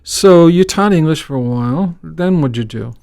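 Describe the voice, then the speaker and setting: A man's voice: fairly high pitch, animated, moderate pace, vocal fry, a little mellow, no room sound, studio quality. A man hosting a conversational interview, talking in a rambling way with lots of fillers and restarts. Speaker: podcast host.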